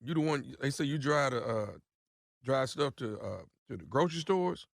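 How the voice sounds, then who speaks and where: A man playing a laid-back, halting caller who pines for a friend's wife in a prank phone call, with slangy talk and lots of repeats. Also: medium pitch, expressive, creaky, no echo, clean studio sound. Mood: sheepish. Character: smooth-talking man pining for a friend's wife. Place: radio studio.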